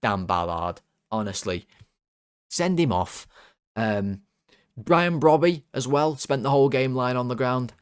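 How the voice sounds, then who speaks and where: A man's voice: mid-range voice, lively intonation, a little slow, clear, resonant tone, no echo, clean studio sound. Sarcastic young man ranting about football. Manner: exasperated, sarcastic, rambling with restarts. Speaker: football fan channel host. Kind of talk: ranting football video commentary.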